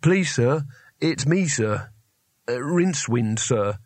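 A man voicing a timid, anxious young male wizard with a squeaky way of talking. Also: expressive, takes it slowly, a little mellow, no room sound. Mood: squeaking.

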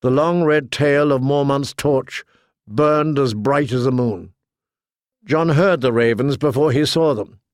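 A man reading a story aloud as narrator, with steady storytelling. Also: medium pitch, unhurried, no room sound, studio quality. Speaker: audiobook narrator. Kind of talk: scripted narration.

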